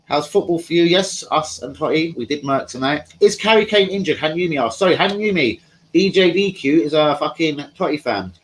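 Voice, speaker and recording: A man's voice: a little high, lively intonation, moderate pace, a little hiss or hum, rough recording. A man hosting a live stream from home, chatting casually in a rambling, slangy way and talking to his viewers. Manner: rambling, slangy, talks to chat.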